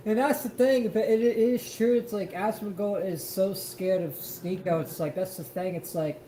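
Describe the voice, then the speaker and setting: A man's voice: sits high, measured pace, pauses often, dark tone, roomy sound, slight background noise, low-quality recording. A man co-hosting a live stream, reacting to a clip in an emphatic, profane rant. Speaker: stream co-host.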